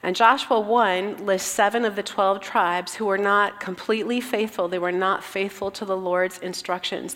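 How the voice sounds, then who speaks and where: A woman's voice: mid-range voice, fairly bright tone, long reverb tail. A woman giving an earnest, reflective sermon, reading scripture aloud and explaining it. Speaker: Bible teacher.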